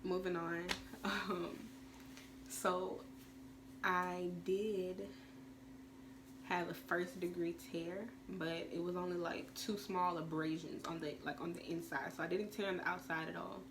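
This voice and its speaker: A teenage woman rambles through a storytime vlog, piling on fillers as she talks. Her voice sits a little low for a woman, and a clear steady noise runs under the recording. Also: unhurried. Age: teens. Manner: chatty, rambling, many fillers. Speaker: vlogger.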